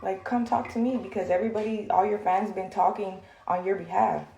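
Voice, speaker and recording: A woman's voice: mid-range voice, fairly even intonation, brisk, vocal fry, mellow, echoey room, dull audio, a little hiss or hum. A woman venting heatedly on a livestream, confrontational and full of fillers, recorded on a phone in a room.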